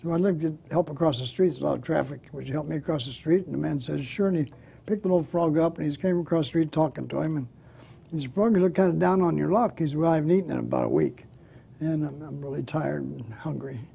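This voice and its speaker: Older man with a gravelly husky voice. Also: fairly high pitch, expressive, fast talker, dark tone. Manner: laughs at his own punchlines, folksy storytelling. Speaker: comedian guest. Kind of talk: telling jokes in a chat.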